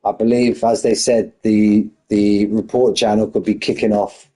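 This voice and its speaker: A man commentating a sim racing league race, excitable and out of breath, firing off shout-outs. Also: fairly low pitch, normal speed, low-quality recording. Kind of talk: live esports race commentary.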